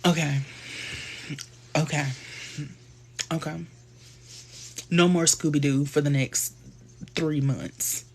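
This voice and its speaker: Husky, gossipy man on a live stream. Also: fairly high pitch. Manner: animated, gossipy storytelling with slang and quick asides. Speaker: livestream host. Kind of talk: casual chat on a live stream.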